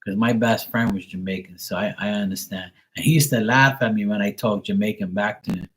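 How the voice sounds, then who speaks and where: A man with a slightly low voice talks loosely on a live stream, full of swearing and easy laughter. He rambles freely, like a casual chat with viewers. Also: fairly even intonation, a little fast. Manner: loose, profane and laughing, imitates accents. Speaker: live tarot reader and streamer.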